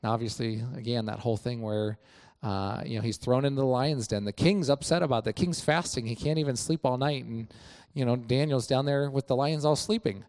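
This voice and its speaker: A man talking casually about his faith, retelling old stories and acting out quoted lines with many fillers. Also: brisk. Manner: animated storytelling, acts out quoted lines with rising pitch; many fillers like "you know". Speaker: church member sharing reflections.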